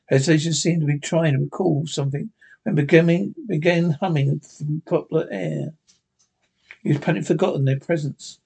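A man reading a classic story aloud in an unhurried way, with occasional stumbles. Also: a little high, steady tone, gravelly, dark tone, husky. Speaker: narrator.

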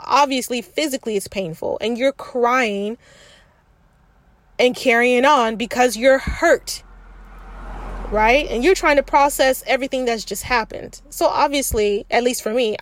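This woman's voice is on the high side, recorded dry. As host of a frank self-help podcast, she confides in the listener as sis, reflecting out loud and restarting her sentences as she goes.

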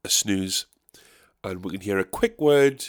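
A man's voice: deep voice, lively intonation, a little slow. A man hosting a solo podcast, rambling casually, swearing and making fun of himself. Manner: rambling, profane, self-mocking. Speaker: podcast host. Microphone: podcast microphone.

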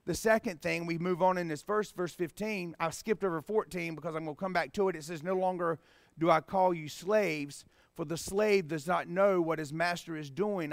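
A man preaching a sermon as pastor, swinging from hushed, tender passages to emphatic, rising appeals. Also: on the high side, no room sound. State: choked up with emotion.

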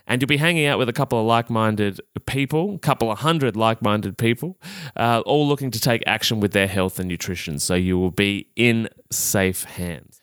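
A man's voice: lowish voice, moderate pace, a bit bright, clean tone, no room sound, studio quality. A young Australian man hosting a solo health podcast, talking in a chatty, upbeat and self-amused way with plenty of fillers. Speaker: podcast host.

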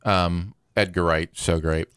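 A young adult man co-hosting a casual movie podcast, enthusiastic and animated as he tells stories. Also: low-pitched, unhurried, clean tone, dry recording, clean studio sound. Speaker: podcast co-host.

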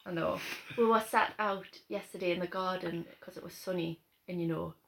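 A woman's voice: fairly low pitch, steady tone, normal speed, a little hiss or hum. A woman with a Geordie accent, co-hosting a podcast in casual, giggly, rambling chat. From Gateshead, North East England. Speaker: podcast co-host.

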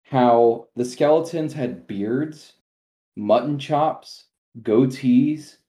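A man co-hosting a podcast in casual chat, animated, swearing and laughing at his own points. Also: medium pitch, drawn-out words, echoey room. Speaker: podcast co-host.

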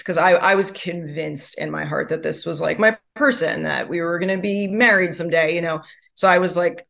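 A woman's voice: on the low side, fairly even intonation, moderate pace, vocal fry, a bit bright. A woman guest telling her story in candid, chatty conversation, full of "like" fillers. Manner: chatty, heavy use of "like" fillers.

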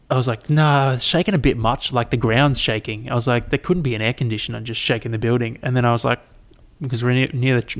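A young Australian man chatting alone into a mic, rambling and swearing freely as he retells his week. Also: medium pitch. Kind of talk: casual solo chat.

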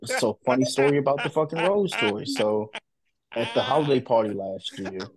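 Man, casual podcast chat, blunt and profane, swinging pitch. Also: expressive, moderate pace, a loud crowd.

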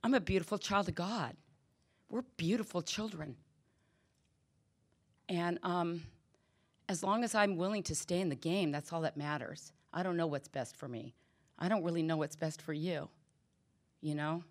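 Woman, middle-aged, slightly low pitch, recovery share, candid, storytelling. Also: moderate pace, long pauses. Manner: candid, storytelling, acts out quoted dialogue. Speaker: recovery meeting speaker. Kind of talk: personal testimony talk.

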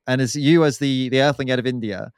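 A man's voice: mid-range voice, steady tone, fast talker, clear, resonant tone, no room sound, studio quality. A man hosting a podcast, asking questions in a loose, joking way. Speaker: podcast host. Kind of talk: casual interview chat.

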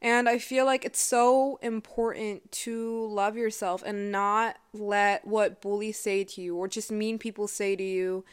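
A woman's voice: mid-range voice, steady tone, measured pace, hardly any pauses, smooth. A woman in her twenties hosting a personal podcast, talking in a chatty, emotional way with lots of fillers. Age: 20s. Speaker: podcast host. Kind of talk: casual personal podcast monologue.

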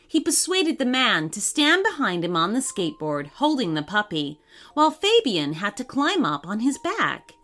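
A woman narrating a children's story in a gentle, expressive reading manner. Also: fairly high pitch, moderate pace. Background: faint music.

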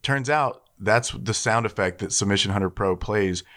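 A man with a very deep voice co-hosts a casual podcast. He tells stories in an animated way and often laughs along. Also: moderate pace. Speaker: podcast co-host.

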